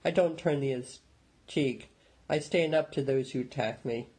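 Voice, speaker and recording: A man's voice: medium pitch, moderate pace, darkish tone, husky, low-quality recording. A man reading a hot-tempered teenage boy who snaps back defensively. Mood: defiant. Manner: snarling, defensive.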